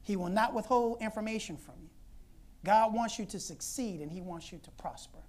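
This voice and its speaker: A woman preacher telling a Bible story in an animated, conversational sermon, laughing often. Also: mid-range voice, normal speed.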